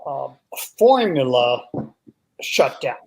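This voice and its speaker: An older man, a retired police captain, talking as a guest in a casual chat, halting and full of fillers. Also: mid-range voice, big pitch swings, creaky, a little mellow, husky, poor audio. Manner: halting, many fillers and restarts.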